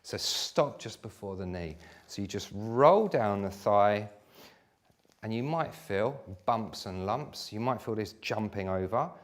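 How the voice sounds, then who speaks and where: A man's voice: lowish voice, lively intonation, measured pace. A man, a sports therapist, giving a live exercise class and demonstrating on his own leg in a chatty way.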